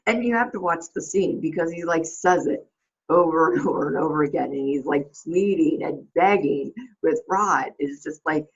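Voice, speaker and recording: Husky woman talking in a rambling way. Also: deep voice, moderate pace, dull audio. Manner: rambling, with many fillers and restarts. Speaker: host. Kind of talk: casual reflective monologue.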